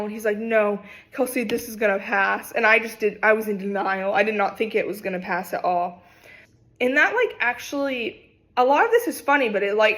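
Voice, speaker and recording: A young woman in her twenties, a vlogger, telling a personal story in a casual, animated, dramatic way. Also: medium pitch. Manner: animated, dramatic retelling with acted quotes.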